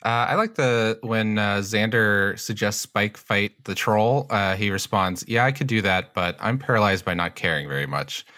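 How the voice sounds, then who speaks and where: Lower voiced guy, bright tone, laughy podcast chat. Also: moderate pace, few pauses. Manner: amused, laughs often. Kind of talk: casual chat.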